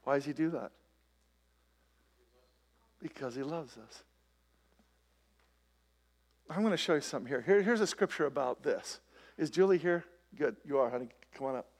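A man preaches to a congregation, his voice slightly high and gravelly. He talks conversationally and keeps asking the room rhetorical questions. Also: lively intonation, normal speed, pauses often. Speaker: pastor. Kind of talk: sermon. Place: church, before a live congregation.

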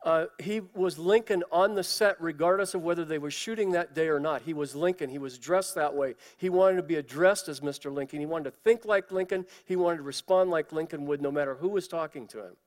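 A man's voice: fairly high pitch, brisk, hardly any pauses, big-room sound. A man giving a conversational sermon, telling personal stories with fillers and asides.

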